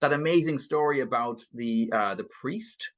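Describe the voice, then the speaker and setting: A man's voice: mid-range voice, normal speed. A man co-hosting a book podcast in casual chat, chuckling often and stopping to restart his sentences. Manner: chuckling, many fillers and restarts. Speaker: podcast co-host.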